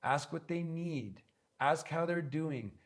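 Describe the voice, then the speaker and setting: A man's voice: a little high, slow pace. A man giving an instructional talk on spiritual practice, earnest and emphatic, with many repeated phrases. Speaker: spiritual teacher.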